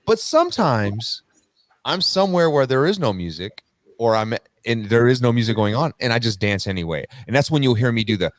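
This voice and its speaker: A man guesting on a podcast, talking in an energetic, motivational way. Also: mid-range voice, a little fast, dry recording. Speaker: podcast guest, car dealership worker. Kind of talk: casual interview chat.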